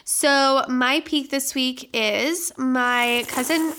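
A bubbly young woman in her twenties co-hosts a casual podcast, chatting with lots of "like" and quick laughs. Her voice sits high and bright. It comes across light and lively. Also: slight background noise. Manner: bubbly, laughs often, says "like" a lot. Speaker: podcast co-host. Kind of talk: casual chat.

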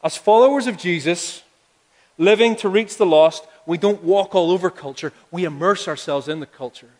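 A man's voice: high voice, normal speed. A male pastor preaching a sermon, talking conversationally and building to emphatic appeals. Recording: long hall reverb.

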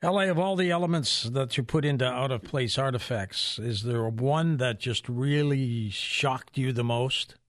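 A man's voice: mid-range voice, measured pace, few pauses, no echo, studio quality. A man hosting a radio interview, asking brief questions. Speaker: radio host.

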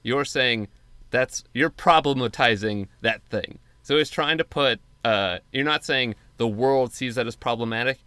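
A man's voice: medium pitch, measured pace, sharp tone, clean tone, no room sound. A man co-hosting a podcast in casual chat, laid-back and patiently explaining things. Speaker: podcast co-host.

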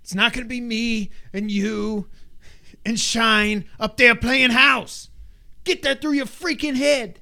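A man putting on an exaggerated Boston accent, playing an angry, fed-up young woman in a high, exasperated imitation. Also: fairly even intonation, slow pace, creaky, bright, forceful tone, heavily acted.

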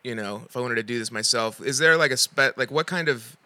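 A man's voice: medium pitch, brisk, sharp tone, no room sound. A young man hosting a casual comedy chat, rambling and hesitant with many fillers. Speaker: podcast host and prank caller.

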